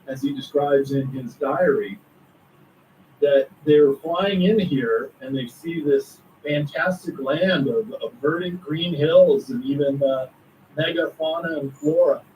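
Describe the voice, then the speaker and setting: A man talking as an author and guest, recounting a story with excited asides. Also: fairly high pitch, measured pace, far from the mic, a little hiss or hum, rough recording. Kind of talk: conspiracy talk interview.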